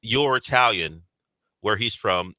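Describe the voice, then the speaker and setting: A man's voice: on the low side, lively intonation, takes it slowly, bright, forceful tone, no room sound. A man co-hosting a sports radio show, ribbing his partner with dry wit. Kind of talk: casual sports radio banter. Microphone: studio microphone.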